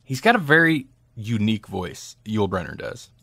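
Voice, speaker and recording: A man's voice: on the low side, moderate pace, creaky, no room sound. A man co-hosting a podcast, chatting casually and animatedly about films. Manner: chatty, animated, laughs often. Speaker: podcast co-host. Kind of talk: casual movie review chat.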